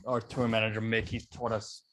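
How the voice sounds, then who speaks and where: A man in casual chat explaining slang words, halting and hesitant as he goes. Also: on the low side, monotone, fairly bright tone. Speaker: band member.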